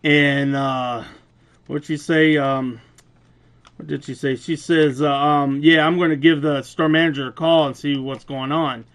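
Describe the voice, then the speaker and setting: A young adult man with a loud, booming voice retells a store argument in a casual, profane, animated way, laughing as he goes. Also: measured pace. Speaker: vlogger. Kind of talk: casual storytelling rant.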